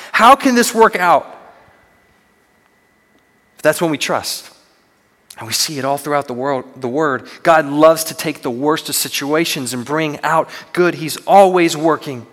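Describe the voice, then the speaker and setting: A man's voice: a little high, a bit bright. A young man preaching a sermon as a student minister, earnest and conversational with self-deprecating humor. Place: church sanctuary. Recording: long reverb of a large hall.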